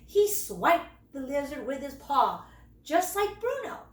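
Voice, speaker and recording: A woman teacher reading a children's storybook aloud in an expressive, slow storytelling manner. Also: high-pitched, far from the mic. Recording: roomy, away from the mic.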